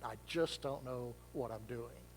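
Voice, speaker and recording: A man's voice: medium pitch, measured pace, slight background noise. Man preaching in an echoing hall. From Arkansas, US. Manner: conversational, self-deprecating storytelling. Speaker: pastor. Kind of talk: sermon. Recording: long reverb of a large hall.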